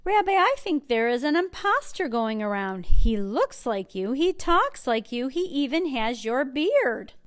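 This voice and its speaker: A cheerful old grandmother from a storybook, chatty and kindly, fussing over her guest and scolding gently, as a woman reading aloud voices her. Her voice sits a little high. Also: sing-song, unhurried, hardly any pauses. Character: kind, cheerful old grandmother hosting a holiday dinner. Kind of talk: picture book read aloud.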